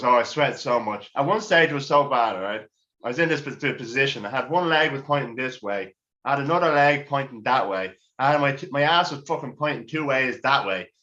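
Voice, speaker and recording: A man's voice: medium pitch, pushed and bright, dull audio. A middle-aged man doing a crude, rambling, self-mocking stand-up routine. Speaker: stand-up comedian.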